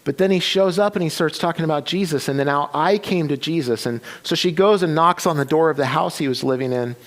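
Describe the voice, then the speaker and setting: A man's voice: a little high, a little fast. A man preaching a sermon, retelling a story with many restarts and quoted voices. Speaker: pastor. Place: church sanctuary.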